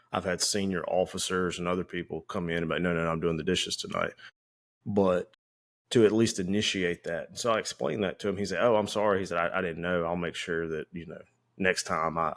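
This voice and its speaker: A man with a very low voice tells a story in an easy, conversational way. He co-hosts a podcast and talks about his time as a firefighter. Now and then he acts out what the people in the story said. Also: a little fast. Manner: relaxed, anecdotal, acts out quoted lines. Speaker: podcast co-host.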